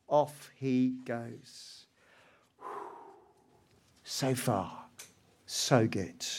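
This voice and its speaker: A man preaches a sermon in a mid-range voice, telling the story dramatically as he swings between hushed asides and loud, emphatic lines.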